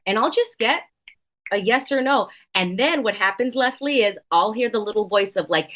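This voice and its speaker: A woman's voice: mid-range voice, lively intonation, measured pace, fairly bright tone. A woman speaking as a podcast guest in casual conversation. She sounds earnest and reflective, and she repeats key words to stress them.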